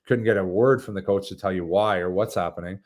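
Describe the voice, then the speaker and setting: Former pro hockey player, male, in his thirties, low voice; animated, restarts often, laughs mid-story. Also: quick pace. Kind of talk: casual interview chat.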